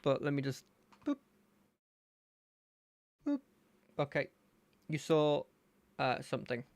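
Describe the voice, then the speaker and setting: A gaming streamer giving relaxed, chatty commentary while playing, thinking aloud. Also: medium pitch, slow, gravelly, no room sound. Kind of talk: casual let's-play commentary.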